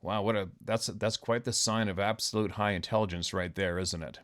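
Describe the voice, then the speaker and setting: A man's voice: fairly low pitch, fairly even intonation, fairly quick, fairly bright tone. A man hosting his own show, delivering an angry, profane monologue rant full of sarcasm and scorn. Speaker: host.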